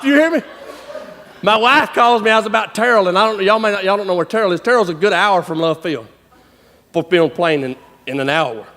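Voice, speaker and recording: A man telling a story in a lively, folksy sermon, breaking into shouts and laughter. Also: sits high, brisk. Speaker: conference speaker. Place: large church hall. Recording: long hall reverb.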